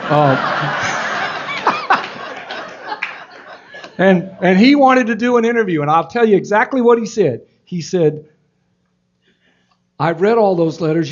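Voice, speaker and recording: Man, author, audience Q&A, earnest, halting, restarts often, slightly high voice, dull lo-fi sound. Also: huge pitch swings. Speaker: author answering audience questions. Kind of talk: Q&A talk, reflective storytelling. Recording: dull lo-fi event recording.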